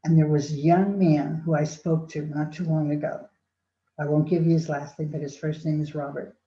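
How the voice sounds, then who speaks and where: An older woman telling a personal story dramatically, acting out voices and swinging between loud and soft. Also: deep voice. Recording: roomy, dull sound.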